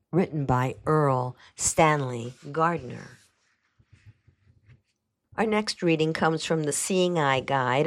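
A woman reading a detective novel aloud, steady and measured, then introducing the next reading. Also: deep voice. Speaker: reader.

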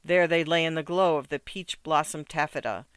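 Narrating a scripted literary story, a man uses measured, rhythmic phrasing and fairly even intonation. His smooth, resonant voice sits slightly high and sounds a bit bright. The recording is close and dry, with no room around it.

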